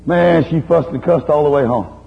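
A man preaching a sermon, telling a story in a lively, folksy way and chiding his listeners. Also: a little high, normal speed, creaky. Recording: dull lo-fi recording with faint hum.

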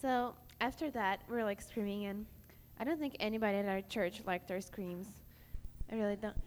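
A woman's voice: mid-range voice, moderate pace. Chatty young woman, echoey hall. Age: young adult. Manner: chatty, full of "like". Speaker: panel speaker. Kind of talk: testimony to a youth audience. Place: large hall at a youth camp. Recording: echoey hall, faint background noise.

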